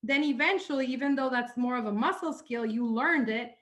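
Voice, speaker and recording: A woman's voice: sits high, brisk. A woman presenter on a video call, eagerly explaining a concept and repeating words as she goes. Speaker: presenter, psychology trainer. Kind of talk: explanatory lecture.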